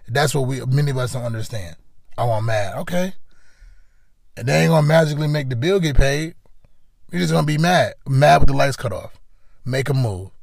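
A man's voice: medium pitch, fairly quick, creaky, dry recording, studio quality. A man hosting a motivational monologue, talking in an earnest, conversational way and often repeating his phrases. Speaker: podcast host.

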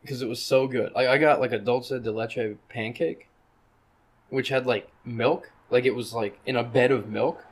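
A man's voice: medium pitch, fairly even intonation, moderate pace. A young man co-hosting a podcast, telling loose stories and swearing casually. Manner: laid-back storyteller, swears casually. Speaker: podcast co-host.

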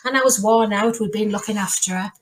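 A woman's voice: medium pitch, a little fast. Chatty middle-aged woman. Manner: chatty, warm-hearted, rambling with restarts and asides. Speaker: podcast host. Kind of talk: casual chat.

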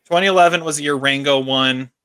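A man co-hosting a podcast, bright and a touch high in pitch, recorded dry and close. He banters and teases his co-host in an upbeat, casual way. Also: fast talker, clear, resonant tone, no echo.

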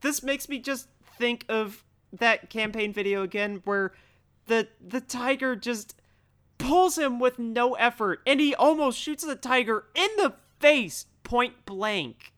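A young man in excitable, casual podcast chat who often says "dude.". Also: very high voice, slow, clear, resonant tone.

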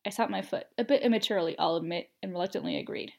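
A woman tells a story in the first person, reading expressively yet evenly at a typical mid-range pitch. She races along, and her voice has some vocal fry.

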